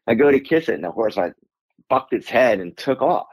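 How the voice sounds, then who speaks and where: A middle-aged man, an Air Force veteran, telling a personal story as a guest in a casual interview, animated and acting out his own lines. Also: mid-range voice, brisk, breathy edge, no echo, rough recording. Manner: animated, acts out his own lines, laughs through emotion.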